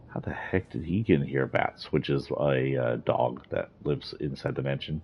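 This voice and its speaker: Super deep husky guy chatting about game lore, rambly, kinda dull lo-fi mic. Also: unhurried, a little mellow. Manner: rambling, with fillers and laughs. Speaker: gaming video host. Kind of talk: casual game story review. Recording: dull lo-fi recording.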